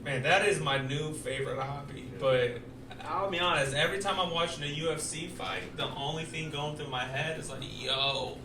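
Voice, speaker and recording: A man performing a stand-up comedy set, animated, with loud acted outbursts. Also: on the high side, fairly quick, background noise. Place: comedy stage in a poker room. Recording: roomy live club sound from far off. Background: audience laughter.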